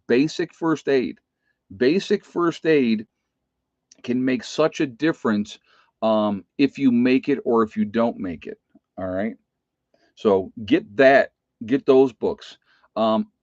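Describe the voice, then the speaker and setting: A man's voice: medium pitch, a little mellow, no room sound. A middle-aged man talks casually to his viewers about being prepared, in the manner of an experienced nurse. He hammers home each point and keeps checking in with his listeners. The sound is dry and a little dull. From United States. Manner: emphatic, repeats "okay?" and "folks". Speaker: nurse giving preparedness advice.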